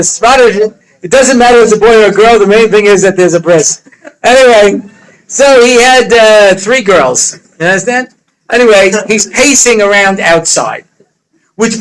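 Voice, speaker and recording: High-voiced joking rabbi storyteller. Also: male voice, low-quality recording. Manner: joking, conversational, full of asides and quips. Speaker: rabbi giving a lecture. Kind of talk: humorous storytelling lecture.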